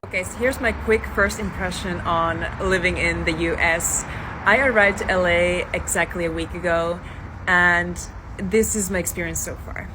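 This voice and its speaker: A woman's voice: on the low side, fairly even intonation, normal speed, noisy background. A woman from Finland, talking casually to camera in a chatty, hesitant way with lots of fillers.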